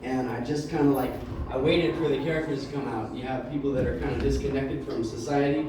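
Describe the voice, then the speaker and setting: A man doing a rambling stand-up set, telling a loose, halting story full of "like" and restarts. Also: medium pitch, fairly even intonation. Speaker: stand-up comedian. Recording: roomy, distant mic with faint room noise.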